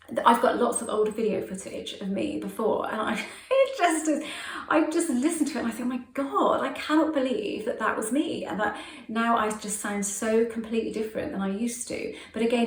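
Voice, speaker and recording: A woman from England's West Country with an English accent, a manifestation coach talking casually to camera in a fast, chatty way with frequent laughs. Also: fairly high pitch. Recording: roomy echo.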